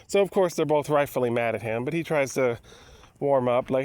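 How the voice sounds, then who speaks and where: A man's voice: mid-range voice, a little fast, a little mellow. A man giving a casual, rambling movie review full of restarts and asides.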